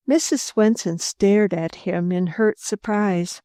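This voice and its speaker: A woman narrating an audiobook in a calm, measured reading voice, close to the mic. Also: medium pitch, dry recording. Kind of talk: scripted narration.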